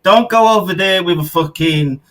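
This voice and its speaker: A man's voice: sits high, moderate pace, fairly bright tone. A British man calling in to a chat show over a weak connection, talking brashly and casually, swearing a lot and saying "bro" constantly. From United Kingdom. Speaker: caller. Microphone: remote call with a weak connection.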